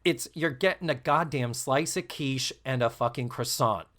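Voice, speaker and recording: A man hosting a podcast, recapping a sitcom episode in casual, animated and profane chat. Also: moderate pace. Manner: animated, profane, breaks into squeaky mock voices. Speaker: podcast host.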